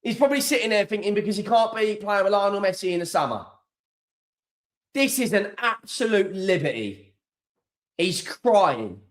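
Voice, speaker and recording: A man's voice: high-pitched, expressive, moderate pace, long pauses. A man hosting a live football watchalong stream, ranting in exasperation and swearing freely.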